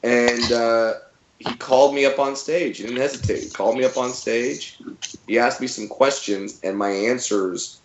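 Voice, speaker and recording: A man in his thirties, a comedian telling stories as a guest in a casual interview, relaxed with lots of fillers and restarts. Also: mid-range voice, moderate pace, roomy sound, lo-fi sound, background noise.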